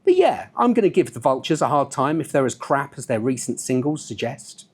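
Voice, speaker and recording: A man's voice: medium pitch, big pitch swings, brisk, slightly rough. A man doing a wry, scornful young critic.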